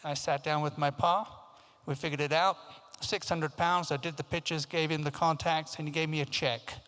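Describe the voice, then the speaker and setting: A man's voice: fairly high pitch, moderate pace. Storytelling man in an echoing hall. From Africa, raised in England. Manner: lively anecdotal storytelling, acting out quoted voices. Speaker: keynote speaker. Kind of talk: storytelling talk. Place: large conference hall. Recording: long hall reverb.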